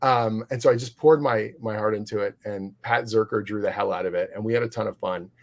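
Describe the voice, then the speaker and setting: A man's voice: lowish voice, brisk, gravelly. A man who writes comics, talking as an interview guest in a rambling, enthusiastic way, full of fillers and restarts. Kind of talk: casual interview storytelling.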